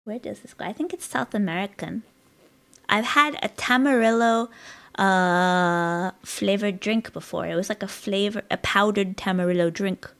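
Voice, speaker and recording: A woman's voice: medium pitch, normal speed, fairly bright tone. A woman streaming live, rambling in casual chat with her viewers and giggling often, her voice a bit strained. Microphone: dynamic studio mic.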